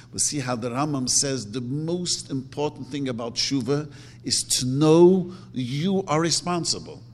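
A man teaching a religious lecture, emphatic, repeating his words and acting out quotes. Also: mid-range voice. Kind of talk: Torah lecture. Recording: long hall reverb.

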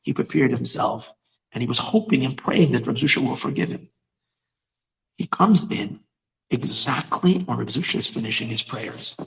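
A male preacher telling a religious story in an animated way, often repeating and restarting his words. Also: medium pitch, moderate pace, gravelly, highs cut off. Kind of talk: storytelling sermon.

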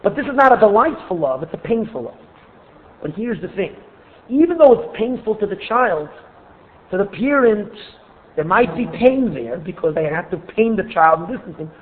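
Guy with a high voice explaining stuff step by step, asks himself questions, sounds like a phone recording. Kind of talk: spoken teaching. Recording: tinny phone-like audio.

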